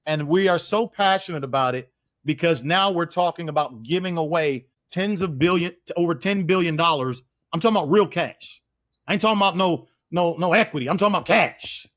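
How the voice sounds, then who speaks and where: A man's voice: fairly high pitch, fairly quick, fairly bright tone. A man from East Oakland, a guest on a podcast interview, speaking in an emphatic, preacherly way and repeating phrases for stress. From East Oakland, California.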